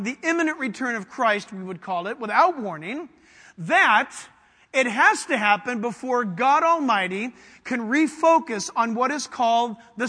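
A man's voice: extremely high pitch, bright, forceful tone. A man preaching a sermon to his congregation with fervent emphasis, putting questions to them and waiting for answers. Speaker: pastor. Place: church sanctuary. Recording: long hall reverb.

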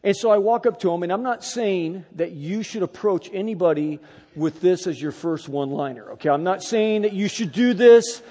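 A middle-aged man preaching a sermon, telling a personal story with animated, emphatic delivery. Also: sits high, moderate pace, long reverb tail. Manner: animated storytelling, rising to loud emphatic peaks.

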